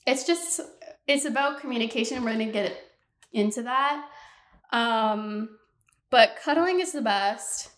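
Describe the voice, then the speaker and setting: A woman's voice: on the high side, measured pace, long pauses, a bit bright, reverberant. A woman in her twenties hosting a podcast alone, ranting candidly in casual talk and swearing freely. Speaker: podcast host. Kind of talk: casual solo podcast rant.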